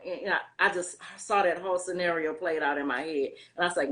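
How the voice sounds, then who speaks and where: A middle-aged woman with a somewhat low voice speaks as an interview guest. She tells her personal story in a loose, conversational way, with plenty of fillers and relaxed Southern phrasing. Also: fast talker, hardly any pauses.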